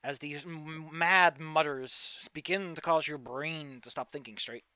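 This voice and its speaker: A man's voice: a little high, measured pace, bright, forceful tone, clear, resonant tone, no echo. A man running a tabletop game as game master, narrating with theatrical flair and teasing the players.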